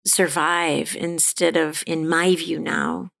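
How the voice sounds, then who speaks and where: A middle-aged woman candidly telling her personal recovery story as an interview guest, halting and restarting as she talks. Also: low voice, level tone, creaky, fairly bright tone. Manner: halting, frequent restarts and fillers, laughs now and then.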